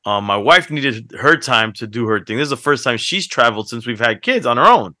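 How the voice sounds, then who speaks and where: A man on a podcast, co-hosting and telling stories in a casual, animated way that breaks into laughter. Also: mid-range voice, a little fast, no room sound, clean studio sound. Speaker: podcast co-host. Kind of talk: casual chat, storytelling.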